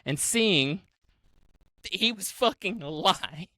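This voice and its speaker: An animated podcast host tells a story in an unhurried, casual way, with a lively voice that rises and falls. It laughs often, swears freely and slips into quoted voices. It is recorded dry and close, with no room sound. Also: mid-range voice, no room sound.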